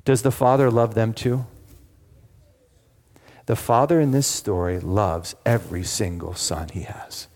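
Speaking a little slowly with long pauses, a man preaches in a lowish, slightly mellow voice with fairly even intonation. He engages the congregation through questions and emphatic retellings, and the hall adds long reverb.

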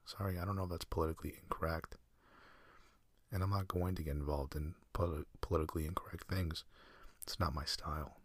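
A man hosting a sleep podcast, talking in a soft, slow, meandering half-whisper with dry self-mocking humor. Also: extremely low pitch, fairly even intonation, no echo. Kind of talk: rambling whispered bedtime monologue.

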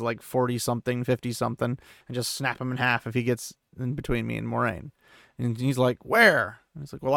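With a gravelly, fairly bright mid-range voice, a young podcast host chats through a book chapter, reading quotes and rendering characters as "he's like" while laughing off and correcting his mistakes. The recording is dry, with clean studio sound.

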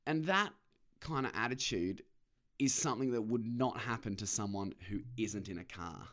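A man's voice: on the low side, moderate pace. Sweary Australian man ranting in a car. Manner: sweary, animated, acts out other people's voices. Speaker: podcast host. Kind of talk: casual ranting monologue. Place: parked car.

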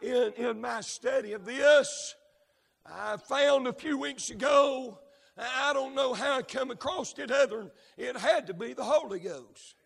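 A man preaching a fervent sermon, breaking into shouts and dropping frequent amens. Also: very high voice, a little slow, creaky, big-room sound.

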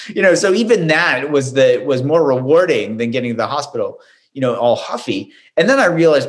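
A man, a doctor and author, telling relaxed self-deprecating anecdotes as an interview guest. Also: a little high, brisk. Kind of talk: conversational storytelling.

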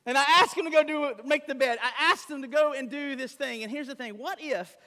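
Man pastor, lively sermon delivery with rhetorical questions; high, bright voice ringing in a hall. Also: fairly quick. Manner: animated preaching with rhetorical questions and impersonations.

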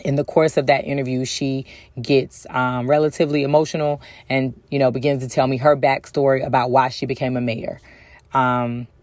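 A woman's voice: deep voice, no room sound. Chatty storytelling woman, dry close sound. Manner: chatty, frequent ums, acts out other people's lines. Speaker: speaker telling a personal story. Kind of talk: casual storytelling talk.

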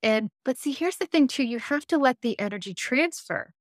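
Animated woman, dry close sound. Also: high-pitched, normal speed, no echo. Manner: animated, acts out dialogue in her stories; frequent self-restarts and fillers. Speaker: intuitive life coach. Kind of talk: podcast interview storytelling.

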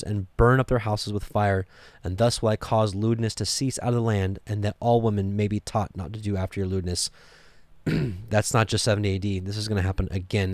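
A man's voice: fairly low pitch, darkish tone, dry recording. A man teaching from the Bible, reading verses aloud with rising emphasis and adding pointed asides. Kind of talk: scripture reading and commentary.

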